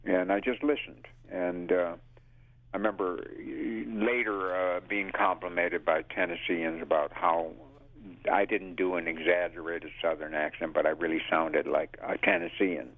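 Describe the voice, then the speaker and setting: Brief: older male actor, very low and gravelly, animated anecdotes over a phone line. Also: unhurried. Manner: lively storyteller who acts out quotes and laughs. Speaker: actor interviewee. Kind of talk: casual anecdotal interview.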